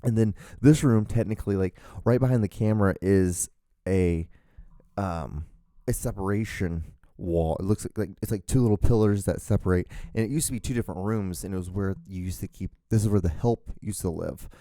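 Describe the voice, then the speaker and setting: A man's voice: sits low, brisk, warm tone, dry recording, studio quality. A young man with a California drawl, hosting a podcast alone in a casual, rambling style full of fillers and restarts. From born outside the United States. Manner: rambling, filler-heavy, self-correcting. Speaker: podcast host. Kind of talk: casual solo podcast monologue.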